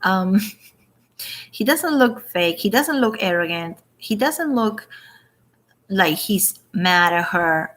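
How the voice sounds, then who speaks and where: A woman's voice: mid-range voice, expressive, slow, a bit bright. A woman talking in a casual opinion vlog, indignant and rambling, restarting her sentences and quoting others. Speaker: vlogger.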